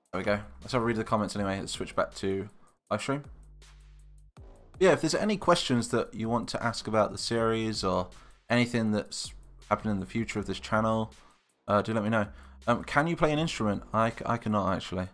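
A man's voice: on the low side, fairly quick, a bit bright, faint music behind. A man from England, chatting casually on a live stream, thinking aloud with hesitant muttered asides.

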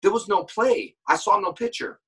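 A man in casual chat as a guest actor, telling animated stories and acting out shouts and quoted lines, heard over a call. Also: high-pitched, moderate pace, breathy edge, recorded from a distance, rough recording. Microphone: phone call.

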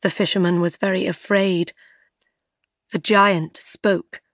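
A woman reading a simple story aloud for English learners in clear, careful narration. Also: fairly low pitch, little pitch movement, takes it slowly, pauses often, no echo, studio quality.

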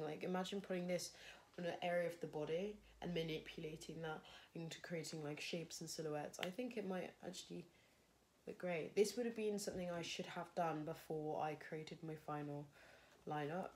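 Chatty young woman with a gravelly voice. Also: sits low, steady tone, a little fast, darkish tone, a little hiss or hum. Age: young adult. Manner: chatty, thinking aloud, self-deprecating. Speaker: fashion design student. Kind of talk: casual vlog narration while crafting.

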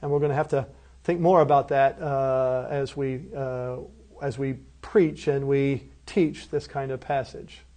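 A man giving a recorded course lecture, emphatic, asking rhetorical questions and answering them himself, slowing down and dropping softly on key phrases. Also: mid-range voice, steady tone. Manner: slows right down and drops softly on key phrases. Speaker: seminary lecturer.

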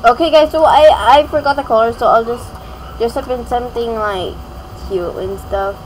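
A woman's voice: a little high, normal speed, darkish tone, a little hiss or hum, low-quality recording. A young woman giving casual gameplay commentary as a gaming YouTuber, rambling and giggly with many fillers.

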